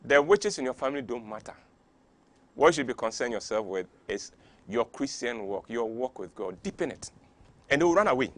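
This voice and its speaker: A man's voice: mid-range voice, moderate pace. A man from Ghana with a Ghanaian English accent hosting a talk show, delivering an impassioned monologue full of rhetorical questions. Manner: preachy, fires off rhetorical questions; gets worked up.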